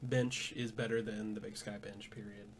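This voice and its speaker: A man's voice: fairly low pitch, flat delivery, moderate pace, a little hiss or hum. A young man co-hosting a casual sports podcast, dropping dry jokes and weighing in on games. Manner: dry jokey asides. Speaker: podcast co-host.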